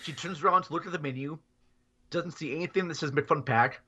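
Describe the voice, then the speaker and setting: A man's voice: fairly high pitch, fairly quick, pushed and bright, breathy edge. A man, a podcast guest, telling a rambling story in casual chat and chuckling as he goes.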